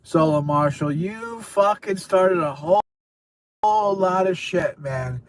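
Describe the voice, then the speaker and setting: A man's voice: high voice, unhurried. A tipsy man hosting a casual show, rambling in sing-song bursts and swearing freely. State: tipsy from drinking. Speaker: show host. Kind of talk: casual livestream chat.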